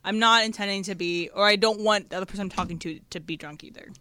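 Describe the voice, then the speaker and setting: Bright-voiced woman producer on talk radio. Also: medium pitch, quick pace. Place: radio studio.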